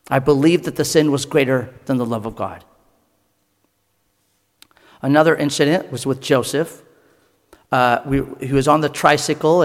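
Earnest man preaching in a reverberant hall. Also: on the high side. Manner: earnest storytelling, pausing between short phrases. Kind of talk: sermon testimony.

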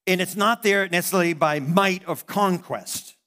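A man's voice: high-pitched, moderate pace, bright, forceful tone. A middle-aged man, a pastor, preaching a sermon in a conversational way, often stopping and restarting his sentences.

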